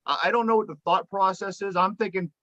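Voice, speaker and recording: A man with a Pittsburgh accent hosts a casual podcast and speaks in a high voice. He gives earnest opinions and circles back over his own words as he thinks. The recording is dry and slightly muffled. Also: steady tone, fast, pushed and bright, dry recording. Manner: earnest, opinionated, repeats himself while thinking. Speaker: podcast host.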